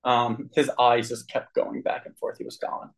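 A man sharing his personal recovery story with a group, earnest and candid, with frequent throat clearing. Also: medium pitch, level tone, normal speed, rough recording.

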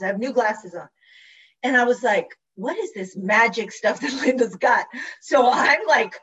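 Animated woman telling her story, distant and dull. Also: fairly high pitch. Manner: animated, acts out quoted dialogue, repeats phrases. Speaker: speaker sharing recovery story. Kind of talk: personal storytelling talk.

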